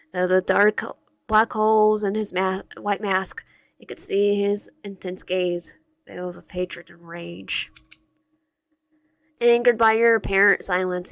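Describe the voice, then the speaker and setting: A woman's voice: on the low side, a bit bright, no echo. A woman reading a visual-novel dating sim aloud as she plays, often stumbling and restarting words. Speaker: game narrator and player.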